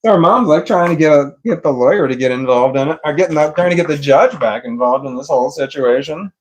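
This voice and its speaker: A man's voice: on the high side, fast talker. A middle-aged man casually telling a long personal story, rambling, swearing freely and laughing often. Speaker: vlogger.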